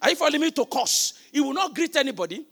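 A man preaching a sermon. He keeps asking the congregation questions and often breaks into shouted emphasis. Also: very high voice, big pitch swings, fast, gravelly.

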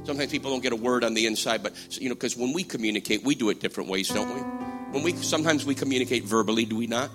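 A man preaching a sermon, swinging from hushed, slow passages to loud, emphatic ones. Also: mid-range voice. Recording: music playing behind voice.

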